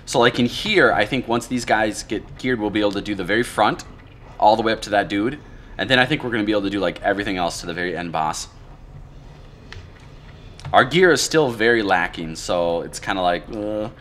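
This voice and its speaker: A man casually commentating his own gameplay, thinking aloud in a relaxed way about plans and strategy. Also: on the low side, fairly quick, slight background noise.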